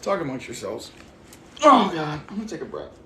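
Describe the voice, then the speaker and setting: A man's voice: a little high, very animated, fairly quick. A man livestreaming a casual, profane rant, agitated and talking straight to his chat. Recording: echoey room with faint noise.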